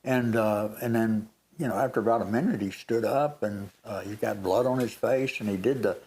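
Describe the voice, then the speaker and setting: A man's voice: fairly low pitch, moderate pace. Older man telling a story with animation. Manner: animated storytelling, re-enacts moments. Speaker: co-host. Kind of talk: casual chat.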